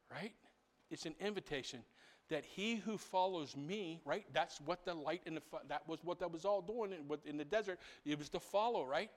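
A man preaching a sermon as pastor in a church. He swings between loud, rising proclamation and hushed asides, builds his points by repeating phrases, and keeps asking the congregation "right?". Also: on the high side, big-room sound.

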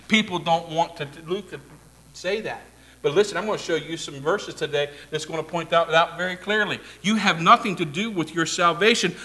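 A man preaching a sermon, swinging from loud declarations to soft asides and having the congregation repeat phrases back. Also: high-pitched. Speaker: pastor.

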